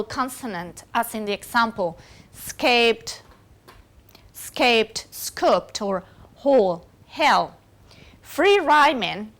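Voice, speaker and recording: Slow, hesitant woman lecturing. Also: fairly high pitch, fairly bright tone. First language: Spanish. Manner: hesitant, many fillers and self-corrections. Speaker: university lecturer. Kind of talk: recorded lecture.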